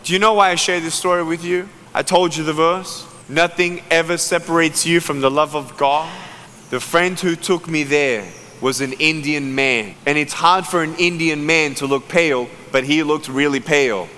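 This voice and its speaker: A man, an evangelist, preaching a testimony as an animated storyteller who acts out the voices he quotes. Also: fairly high pitch, moderate pace. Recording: echoey hall with long reverb.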